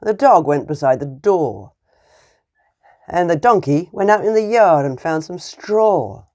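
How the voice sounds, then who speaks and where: A woman teacher tells a fairy tale to young children in an animated, playful way. Her pitch swings widely as she acts out the scenes and the animal noises. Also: a little slow. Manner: animated and playful, with sound effects.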